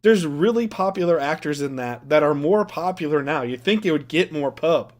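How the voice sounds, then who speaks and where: A man from Wisconsin co-hosting a movie podcast in casual chat, animated, swearing and laughing at his own jokes. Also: on the high side, a little fast. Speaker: podcast co-host.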